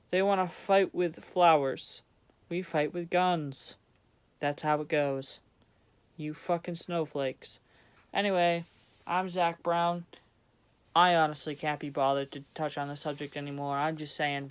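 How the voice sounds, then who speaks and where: Young male vlogger, angry blunt rant, clean smooth tone, heavy swearing. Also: on the high side. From Vermont, USA. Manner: profane, blunt, sarcastic. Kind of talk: angry ranting monologue.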